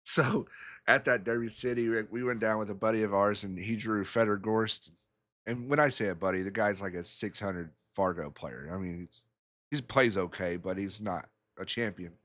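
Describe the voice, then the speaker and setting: A man's voice: fairly low pitch, moderate pace, a bit bright. A man commentating a pool match in a casual way, rambling through stories and chuckling often.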